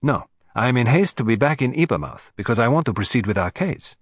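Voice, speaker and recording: A man's voice: mid-range voice, expressive, dry recording, lightly acted. A man putting on Hercule Poirot, precise and ironic. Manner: precise, measured, lightly ironic. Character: fussy, precise male Belgian detective, middle-aged.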